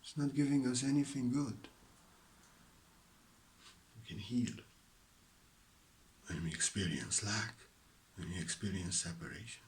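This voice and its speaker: A man giving a slow, meditative spiritual talk at home, drifting between soft whispers and a fuller voice, with a mixed accent from living all around the world. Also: fairly low pitch, a little hiss or hum. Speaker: spiritual teacher. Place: at home beside his stove.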